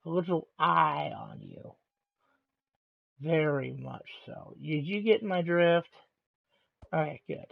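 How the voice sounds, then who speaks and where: Gravelly man ranting calmly, tinny sound. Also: a little high. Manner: angry but deliberately calm and measured. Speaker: live game streamer. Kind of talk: ranting monologue on a live stream.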